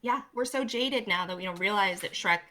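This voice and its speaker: A woman co-hosting a podcast in easy, casual chat, full of quick jokes and lively asides. Her voice is bright and forward, sitting in a middle range for a woman. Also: mid-range voice. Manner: animated, joking, quick asides. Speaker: podcast co-host.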